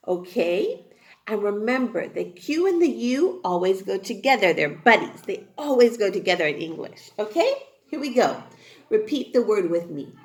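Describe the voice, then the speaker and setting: A woman teaching an online phonics class to young children, encouraging and exaggerated, speaking slowly and clearly. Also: mid-range voice, big pitch swings, a little mellow, reverberant. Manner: sing-song, encouraging, slow and exaggerated for small children. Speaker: kindergarten teacher.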